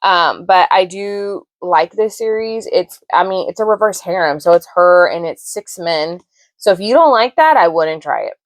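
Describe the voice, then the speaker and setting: A woman's voice: fairly low pitch, animated, moderate pace, dry recording. A woman in her thirties, a book vlogger, chatting casually and effusively about what she read. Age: 30s. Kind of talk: casual book review chat.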